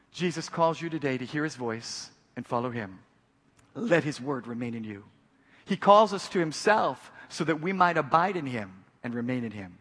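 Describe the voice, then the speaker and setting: Measured male preacher in a reverberant hall. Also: medium pitch, animated. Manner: measured, slowing and dropping softly on key phrases. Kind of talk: sermon.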